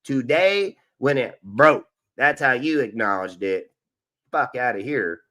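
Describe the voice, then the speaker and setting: A man's voice: mid-range voice, lively intonation, measured pace, bright, forceful tone. A man hosting a live sports stream, ranting in an aggressive, profane and boastful way. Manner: boastful, repetitive. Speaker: sports show host.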